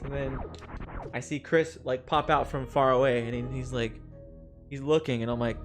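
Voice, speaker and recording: A man's voice: medium pitch, brisk. Casting note: young male game streamer, easygoing, rambling storyteller who keeps saying "like", with game music underneath. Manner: rambling, with many "like" fillers and chuckles. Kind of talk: casual storytelling while playing a game.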